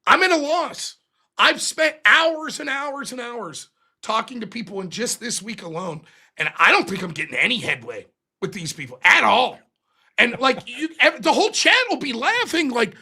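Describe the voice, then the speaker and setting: A man hosting a live-streamed political commentary show, ranting in an exasperated, animated and profane way. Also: very high voice, normal speed, slightly rough. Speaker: livestream political commentary host.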